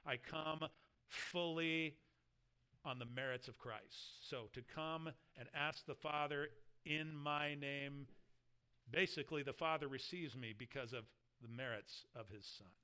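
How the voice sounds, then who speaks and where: A man's voice: on the high side, fairly even intonation, unhurried, pushed and bright, clear, resonant tone. A man preaching a sermon, explaining scripture verse by verse and reading passages aloud with earnest emphasis. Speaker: pastor.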